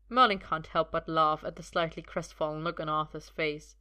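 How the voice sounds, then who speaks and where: Female storyteller, lower register, bright tone, expressive audiobook narration. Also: moderate pace, few pauses. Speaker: reader.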